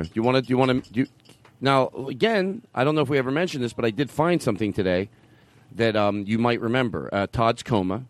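A man hosting a podcast in casual comedic chat, excitable and laughing often as he quotes other people loudly. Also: mid-range voice, brisk. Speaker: podcast host.

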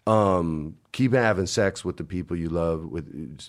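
A man's voice: low voice, unhurried. Laid-back man telling stories with slang. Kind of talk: casual storytelling chat.

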